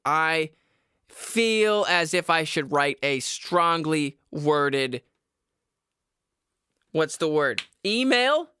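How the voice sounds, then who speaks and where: A man rants to his podcast listeners from a basement at home, swearing freely and laughing at himself between complaints. His voice sits a little high for a man and comes across bright and forceful. The sound is close and dry, with no room echo. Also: smooth. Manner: profane, exasperated ranting with self-mocking laughs. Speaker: podcast host. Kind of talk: casual ranting monologue.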